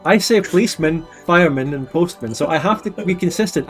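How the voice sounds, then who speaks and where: A man's voice: high voice, animated, moderate pace, pauses often, soft background music. A Scottish man hosting a casual stream chat, who explains things at length in a playful, questioning way. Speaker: streamer host.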